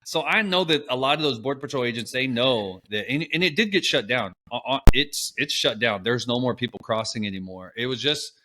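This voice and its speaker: Animated man telling stories. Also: mid-range voice, brisk, few pauses, a little hiss or hum. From Texas. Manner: animated, swears casually, laughs while telling stories. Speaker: podcast co-host. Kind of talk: casual storytelling chat. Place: apartment at home. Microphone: laptop call setup.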